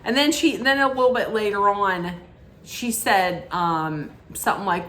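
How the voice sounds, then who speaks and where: A woman's voice: medium pitch, big pitch swings, moderate pace, a bit bright, a little hiss or hum. A woman recapping reality TV in a casual, gossipy, sassy way from home, with plenty of fillers.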